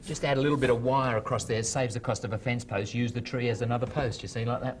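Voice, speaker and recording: Appearing as a guest painter in a TV studio, a man chats while he paints on a talk show, narrating his brush strokes and cracking jokes in a rambling way. His medium-pitched voice keeps a steady tone at a quick pace.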